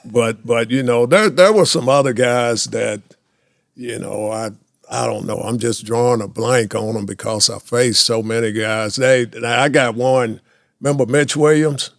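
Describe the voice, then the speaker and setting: Older man, former ballplayer, gravelly voice, dry close sound, animated storyteller. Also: medium pitch, unhurried, no room sound. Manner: animated anecdotes, laughs often, acts out quotes. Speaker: former pro baseball player, guest. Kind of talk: storytelling in a casual chat.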